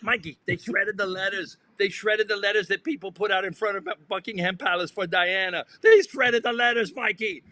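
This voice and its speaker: A man doing an impression of an excitable male sports radio host who whines that he is upset and keeps repeating himself. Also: high-pitched, normal speed, hardly any pauses, dry recording, pitched above the performer's own voice. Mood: upset whining.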